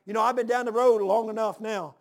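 Gravelly sixty-something preacher, high voice. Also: male voice, steady tone, brisk. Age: 60s. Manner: emphatic, repeats phrases, calls amen and hallelujah; folksy, drawls "man" and "ain't". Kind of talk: sermon.

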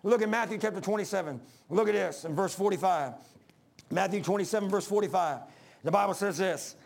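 A man preaching a sermon, emphatic, calling out to the congregation and dropping to hushed lines between loud peaks. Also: sits high, a little fast, gravelly. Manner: calls for congregation responses.

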